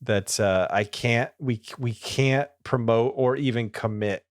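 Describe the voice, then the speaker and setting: A man's voice: medium pitch, unhurried, dry recording, studio quality. A young man co-hosting a podcast in casual chat, enthusiastic and often laughing. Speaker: podcast co-host.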